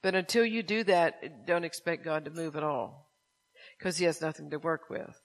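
A man's voice: on the high side, normal speed. A man preaching, reading a testimony aloud and then pressing listeners with rhetorical questions. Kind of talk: sermon with story reading.

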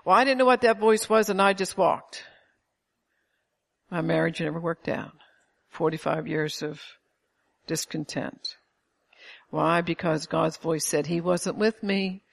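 A woman's voice: on the low side, measured pace, gravelly, pauses often. Older woman, preacher, informal sermon, emphatic, chatty storytelling, chuckles between points. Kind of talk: informal sermon to a small congregation.

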